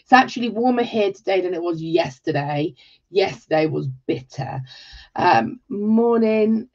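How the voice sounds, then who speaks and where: A woman's voice: medium pitch, expressive, unhurried. Chatty English woman hosting a livestream. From England. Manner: warm and chatty, greets viewers by name and exclaims often. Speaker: host of a live jewellery-making tutorial. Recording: slightly dull livestream audio.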